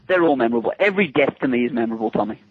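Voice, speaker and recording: An English man, a special effects makeup artist, telling lively anecdotes as a guest in a casual phone interview, acting out quotes and laughing often. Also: mid-range voice, racing, slightly rough. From England. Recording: tinny phone line, dry.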